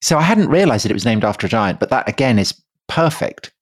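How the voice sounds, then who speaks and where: A man's voice: mid-range voice, sing-song, fast talker, slightly rough. A man co-hosting a history podcast, chiming in with short remarks and wry jokes. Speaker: podcast co-host. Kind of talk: casual history podcast chat.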